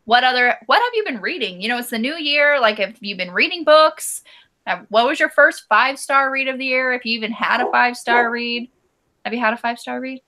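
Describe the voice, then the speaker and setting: A woman's voice: fairly high pitch, expressive, a little fast, sharp tone. A woman co-hosting a book club livestream, gushing and affectionate, laughing a lot as she chats. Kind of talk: casual chat.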